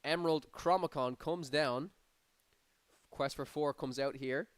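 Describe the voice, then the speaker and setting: A man's voice: fairly high pitch, measured pace, no room sound. A man giving live play-by-play commentary on a card game tournament, his energy rising on big plays. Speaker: tournament caster.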